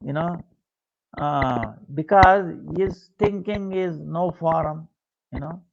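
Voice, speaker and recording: A man telling a devotional story as a lecture, unhurried and full of "you know" and pauses. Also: fairly high pitch, creaky, lo-fi sound. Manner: unhurried, filled with 'you know' and hesitations.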